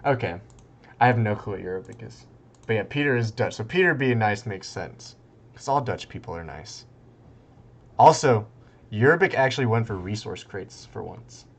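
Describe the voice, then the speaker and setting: A young man casting a strategy game tournament in a loose, rambling way, breaking into excited outbursts and laughter. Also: fairly low pitch, normal speed, gravelly. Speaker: tournament caster. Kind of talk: casual game commentary.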